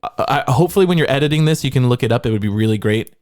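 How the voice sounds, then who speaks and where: A man's voice: mid-range voice, lively intonation, rapid-fire, darkish tone. An American man co-hosting a podcast, trading jokes in casual, bantering chat. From United States. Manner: jokey, bantering, slips into silly voices. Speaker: podcast co-host.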